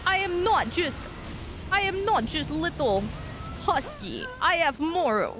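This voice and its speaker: A woman voicing a male Siberian husky dog that speaks halting broken English with a Russian accent. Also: very high-pitched, very animated, music in the background, pitched above the performer's own voice, heavily acted. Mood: indignant.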